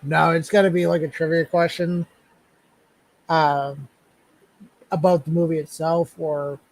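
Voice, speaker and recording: A man's voice: a little high, flat delivery, a little slow, no echo, rough recording. Rambling man hosting a casual stream. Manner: loose, rambling, with fillers and swearing. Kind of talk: casual chat.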